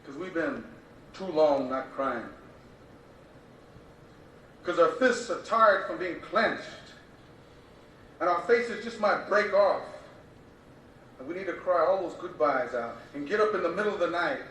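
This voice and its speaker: A man's voice: on the high side, animated, unhurried, pauses often, fairly bright tone, far from the mic, slight background noise. A man performing a spoken-word poem with an impassioned, rhythmic, repetitive cadence. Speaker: poet. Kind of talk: spoken-word poetry recitation. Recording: very echoey room, voice from afar.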